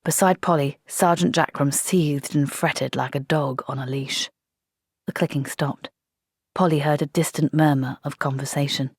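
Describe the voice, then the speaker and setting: A woman reading a comic fantasy audiobook in a measured, dramatic narration. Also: low-pitched, fairly even intonation, a little mellow, slightly rough, dry recording, studio quality.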